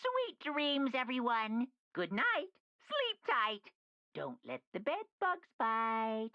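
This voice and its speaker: A squeaky, bright cartoon bear villain makes mock-official school announcements in a video game. He swoops wildly up and down in pitch. His lines come slow and drawn out, in dry, dull game audio. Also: wildly swooping pitch, clear, resonant tone, dry recording, exaggerated voice. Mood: sing-song. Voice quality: sing-song, cartoonish. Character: gleeful male robot bear headmaster, sly.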